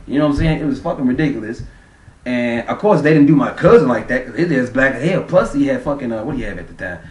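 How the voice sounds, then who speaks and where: A man's voice: mid-range voice, lively intonation, fast talker, a little mellow, distant mic. A man vlogger telling a travel story in a casual, profane, rambling way. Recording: roomy sound, off-mic.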